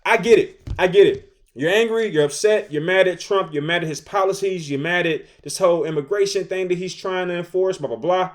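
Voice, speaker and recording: A man in his thirties giving casual opinion commentary, animated and repetitive, with slang. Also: a little high, fairly quick. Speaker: commentary host.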